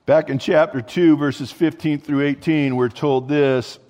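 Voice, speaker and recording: A man's voice: fairly high pitch, steady tone, measured pace, dark tone. A male pastor preaching a sermon in a conversational way, with joking asides and restarts mid-thought. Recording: long hall reverb.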